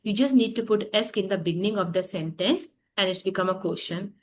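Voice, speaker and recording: A woman teaching a French class, explaining slowly with pauses, repeating key terms and often saying "that is". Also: medium pitch, a little hiss or hum. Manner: halting, repeats terms, fills gaps with "that is". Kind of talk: classroom lesson. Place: classroom with students.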